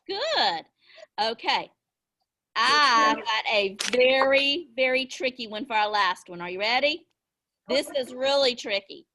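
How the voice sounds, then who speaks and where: A woman teacher leading children through a phonics lesson on a video call, sounding out words slowly and encouragingly. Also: a little high, animated, sharp tone. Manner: slow, encouraging, exaggerated sounding-out. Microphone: laptop mic on video call. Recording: noisy video call audio.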